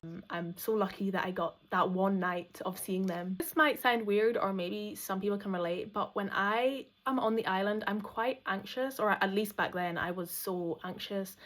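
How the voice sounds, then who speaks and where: A Scottish woman in her thirties narrates her own vlog in a chatty, candid way. She sits at a middling pitch, neither high nor low. Her telling turns reflective as she talks it through. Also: normal speed, few pauses, fairly bright tone. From Outer Hebrides, Scotland. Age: 30s. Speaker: vlogger. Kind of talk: personal storytelling voice-over.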